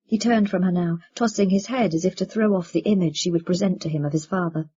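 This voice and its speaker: A woman narrating a novel as an audiobook, reading in a measured, expressive way. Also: on the low side, husky. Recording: dull lo-fi recording.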